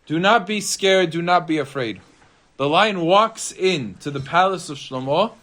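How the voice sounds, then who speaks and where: A man, a rabbi, telling a story to listeners with animated, dramatic swings of pitch and loudness.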